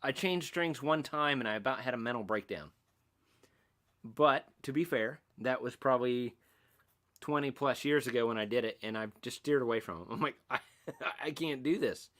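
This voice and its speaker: A man's voice: mid-range voice, normal speed, a bit bright. A middle-aged man hosting a casual livestream, rambling and self-mocking as he reads out and answers chat comments. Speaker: livestream host.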